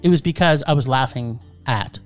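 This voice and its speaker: A man's voice: medium pitch, normal speed, soft background music. A man reviewing a film on a podcast, sarcastic and scathing in a casual chat.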